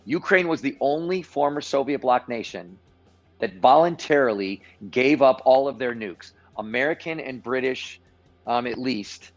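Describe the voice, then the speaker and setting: A man's voice: mid-range voice, expressive, moderate pace, muffled recording, soft background music. A man hosting a live-streamed show and giving emphatic, self-assured commentary with sarcastic asides. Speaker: show host. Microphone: live-stream mic.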